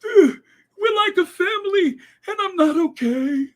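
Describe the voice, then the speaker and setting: A man doing a mocking falsetto impression of a sobbing, overwrought woman TV presenter. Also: expressive, measured pace. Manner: wailing, tearful falsetto mockery.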